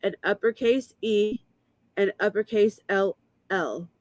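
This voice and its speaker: Woman guest, casual and vivid storyteller, middle pitch, dry room. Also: darkish tone, dry recording. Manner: vivid, emotional retelling with quick asides. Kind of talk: casual storytelling on a live stream.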